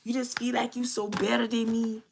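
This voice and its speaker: A woman's voice: a little high, flat delivery, normal speed, gravelly, background noise. Woman playing a resentful drunk man, bitter and dismissive.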